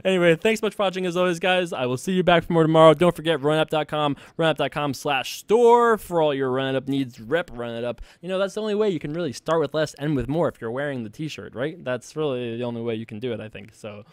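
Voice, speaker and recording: A man's voice: a little high, brisk, hardly any pauses, clean tone, no echo. Laid-back man talking through his poker hands. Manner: laid-back, self-mocking, thinks aloud. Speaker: online poker player and show host. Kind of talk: casual play-by-play commentary.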